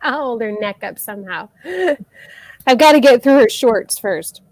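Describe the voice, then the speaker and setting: A woman co-hosting a crochet live stream from home, talking in an easy, chatty way and laughing often. Her voice sits a little high and the sound is dry and close. She reads viewer comments aloud between stories. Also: lively intonation, moderate pace, no room sound. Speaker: co-host of a crochet live show. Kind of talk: casual chat.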